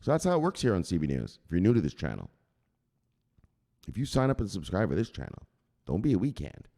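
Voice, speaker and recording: A man's voice: low voice, huge pitch swings, fast, mellow, big-room sound. A man hosting a crypto news channel, rambling and joking with plenty of swearing. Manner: profane, rambling, jokey. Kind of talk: casual joking monologue.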